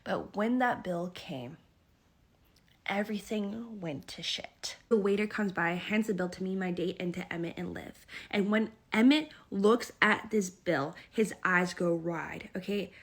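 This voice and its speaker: A woman's voice: lowish voice, a little slow, hardly any pauses. Swearing dramatic young woman storyteller. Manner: dramatic, swears often, lots of "okay?". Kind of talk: animated storytime narration.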